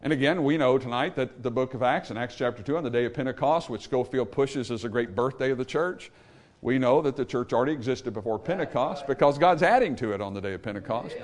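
A man preaching a Baptist sermon, emphatic, swinging between loud peaks and low trailing endings, calling for amens from the congregation. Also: fast. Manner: calls for amen from the congregation. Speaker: Baptist pastor.

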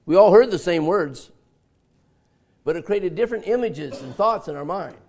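This older pastor speaks in a high-pitched, expressive, slightly mellow voice at an ordinary pace. His sermon is full of folksy, laughing storytelling as he coaxes responses from the congregation and repeats them back.

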